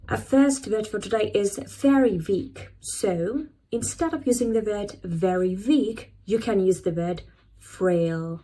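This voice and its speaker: A woman hosts an English vocabulary lesson in a middle-pitched voice. She repeats each new word slowly and clearly so learners can copy it. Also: dark tone, poor audio. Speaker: English teacher, channel host.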